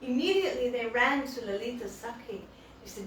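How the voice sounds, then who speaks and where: A woman's voice: a little high, moderate pace, slight background noise. Woman telling a devotional tale in an echoey hall. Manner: animated, acts out quotes. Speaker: devotional storyteller. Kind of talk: devotional storytelling talk. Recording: echoey hall, distant mic.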